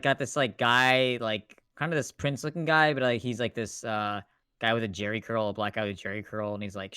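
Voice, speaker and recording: Man, bright voice, thinking aloud while coding, casual, dry close sound. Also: on the low side, clear, resonant tone, dry recording. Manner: thinks aloud, laughs easily. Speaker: co-host writing the code on a livestream.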